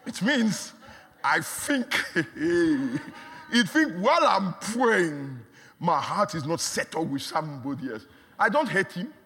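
A man preaching a sermon, emphatic and repetitive, dropping to a hush and then rising to shouts. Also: on the high side, very animated, takes it slowly, breathy edge, in a large hall. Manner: emphatic, repeats words, swings from hushed to shouting.

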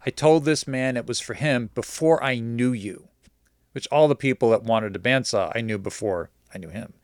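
A man's voice: mid-range voice, normal speed, dry recording, studio quality. A man hosting a casual show, telling a rambling story full of quoted back-and-forth dialogue.

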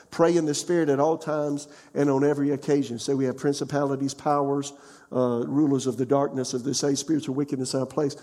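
A man's voice: on the high side, a little mellow, big-room sound. A pastor in his sixties preaching a conversational sermon, often asking the congregation questions.

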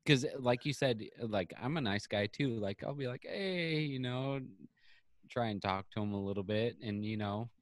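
A man's voice: on the low side, moderate pace, no echo, studio quality. A man co-hosting a podcast, explaining things loosely and hesitantly in casual chat. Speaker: podcast co-host.

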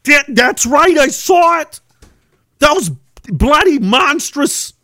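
Podcast guy ranting and swearing, high lively voice, bright edge, dry close mic. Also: takes it slowly, dry recording. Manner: loud, profane, taunting. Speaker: podcast host. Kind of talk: profane ranting commentary.

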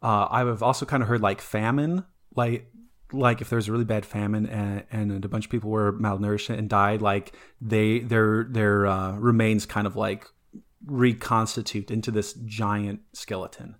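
A man's voice: lowish voice, level tone, moderate pace. A man co-hosting a podcast, talking about folklore in a casual, rambling way with lots of fillers and restarts. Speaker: podcast co-host presenting folklore. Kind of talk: casual chat.

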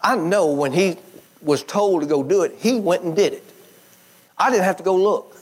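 A male preacher delivering a sermon in a folksy, talky way with a slightly higher voice. He quotes scripture, then jumps up in pitch for emphatic bursts and drops low and quiet for asides. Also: moderate pace, breathy edge.

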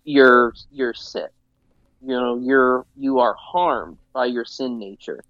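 A man co-hosting a religious podcast discussion, talking earnestly and emphatically, with halting restarts. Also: medium pitch, a bit bright, no room sound, muffled recording. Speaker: podcast co-host.

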